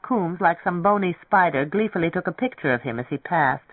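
A narrator giving a measured, steady reading of a novel. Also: medium pitch, no room sound. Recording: tinny, dry radio broadcast.

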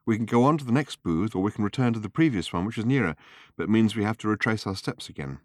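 A man's voice: fairly low pitch, lively intonation, fast talker, dry recording, studio quality, voice pushed up, close to an everyday voice. Man voicing a frank young woman traveller. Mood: plain.

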